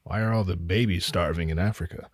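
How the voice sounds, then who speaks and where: A man's voice: deep voice, quick pace, no room sound, clean studio sound. A man hosting a podcast in a casual, rambling monologue, profane and self-mocking. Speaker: podcast host. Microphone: podcast headphones and mic.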